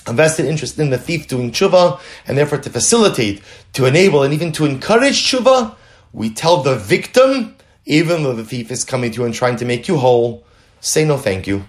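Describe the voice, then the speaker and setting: A man's voice: a little high, moderate pace. A man teaching a Torah lesson in class, telling dramatic examples and repeating key phrases for emphasis. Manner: animated, dramatic storytelling with role-play examples.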